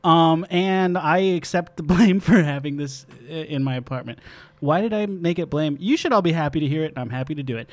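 A man's voice: on the high side, brisk. Rambling, jokey young man hosting. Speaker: podcast host. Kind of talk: casual comedy podcast chat.

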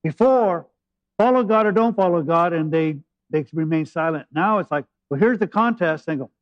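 A male pastor preaching a sermon, retelling scripture in lively, humorous paraphrase. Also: fairly high pitch, moderate pace, dry recording, highs cut off.

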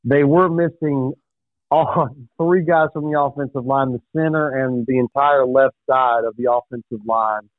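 A man's voice: medium pitch, fairly even intonation, unhurried, no room sound. A man calling into a radio show as a guest, talking sports casually with wry, dry jokes. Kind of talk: casual sports talk chat. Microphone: phone. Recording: tinny phone line.

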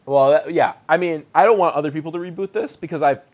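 A man's voice: a little high, quick pace, a little mellow, highs cut off. A man hosting a podcast, chatting casually and rambling through a retelling, often laughing. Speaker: podcast host. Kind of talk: casual review chat.

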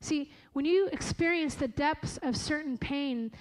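High-voiced woman preaching earnestly. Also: slight background noise, low-quality recording. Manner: earnest, slow and emphatic, with frequent self-corrections. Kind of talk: sermon.

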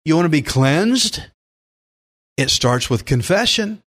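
A man preaching a sermon as pastor, animated, with sudden loud bursts of emphasis, acting out imagined prayers and objections in quoted voices. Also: on the high side, takes it slowly.

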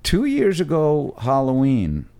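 A man's voice: medium pitch, wildly swooping pitch, takes it slowly, vocal fry, dark tone. A man telling a story animatedly while chatting as a guest on a podcast recorded at home. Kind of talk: casual chat.

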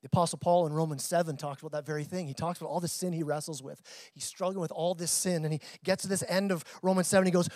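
A man's voice: a little high, steady tone, fast, hardly any pauses, a little mellow, no room sound. A man preaching a sermon to his church in a conversational way, repeating words as he builds and drops his intensity. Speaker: pastor.

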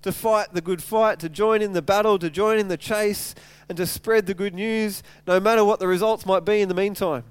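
Hardly pausing, a man with a high, clear and resonant voice preaches at normal speed, and there's no echo. The pastor's sermon is animated storytelling that retells scripture casually, marked by many stumbles and word repetitions.

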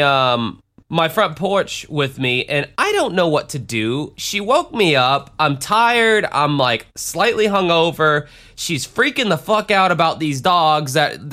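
Bright, lively man telling a rambling story. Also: on the high side. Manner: profane, rambling, self-deprecating. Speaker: podcast host and DJ. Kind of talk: casual storytelling.

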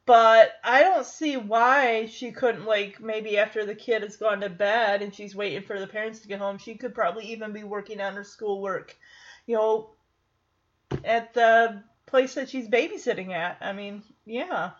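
A woman's voice: medium pitch, fairly even intonation, moderate pace, lo-fi sound. A woman casually recapping a sitcom episode, chatty and giggly, acting out the characters' lines. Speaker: recap host.

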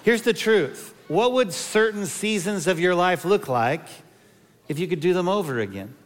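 A pastor in his fifties delivers a sermon full of funny personal anecdotes. His voice sits a little higher than most men's. The sound carries the long reverb of a big church hall. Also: lively intonation, normal speed. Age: 50s. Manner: humorous storytelling with personal anecdotes.

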